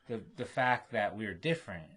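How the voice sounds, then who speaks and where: A man, a musician guest on a podcast, telling animated stories in casual chat and acting out what others said. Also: fairly low pitch, normal speed, slightly rough. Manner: animated, laughing, acts out quotes in other voices. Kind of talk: casual storytelling.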